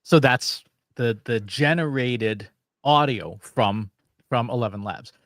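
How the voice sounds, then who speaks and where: A man co-hosting a casual chat, demoing software in a loose, chatty way with many fillers. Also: mid-range voice, takes it slowly, dry recording, studio quality. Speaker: co-host. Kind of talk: casual chat with tool demos.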